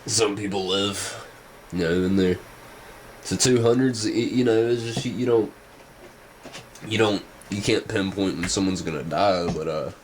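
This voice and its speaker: Casting: low-pitched man, slow drawling vlog ramble, faint background hiss. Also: poor audio. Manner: hesitant, many fillers and restarts. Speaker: vlogger. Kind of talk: casual rambling commentary.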